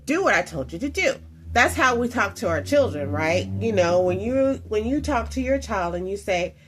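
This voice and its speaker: A woman's voice: mid-range voice, big pitch swings, moderate pace, noisy background. A woman hosting and commenting on a clip of faith teaching, talking reflectively with many fillers and asides.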